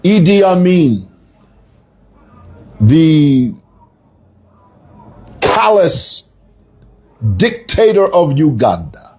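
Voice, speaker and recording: Middle-aged Zambian man, emphatic commentary, very husky, slow and animated. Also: mid-range voice. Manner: emphatic, storytelling, rhetorical. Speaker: online commentator. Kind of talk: opinion monologue.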